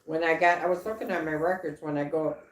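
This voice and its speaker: A woman co-hosting a casual livestream chat, rambling with halting restarts and fillers. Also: low-pitched, steady tone. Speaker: livestream co-host. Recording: echoey room.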